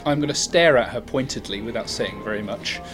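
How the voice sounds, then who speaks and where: A man's voice: medium pitch, brisk, music in the background. A man playing a tabletop game, describing his character's actions dryly. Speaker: player.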